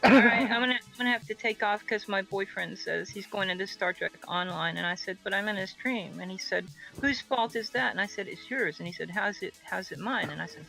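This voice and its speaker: Chatty lady guest on a stream, bright voice w some vocal fry. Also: medium pitch, fairly quick, few pauses, soft background music, poor audio. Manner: chatty, storytelling. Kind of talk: casual podcast chat.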